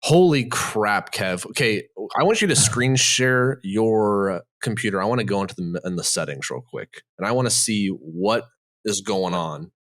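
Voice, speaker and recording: Low-voiced man chatting on a podcast. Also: expressive, normal speed, fairly bright tone, dry recording, studio quality. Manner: rambling, heavy use of "like" and "literally". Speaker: podcast co-host. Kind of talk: casual podcast chat.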